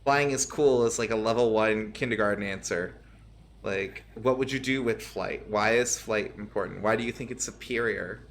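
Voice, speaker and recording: A man's voice: lowish voice, moderate pace, slight background noise. A man hosting a live stream, chatting casually and teasing his co-host with jokes and frequent laughs. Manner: teasing, joking, laughs often.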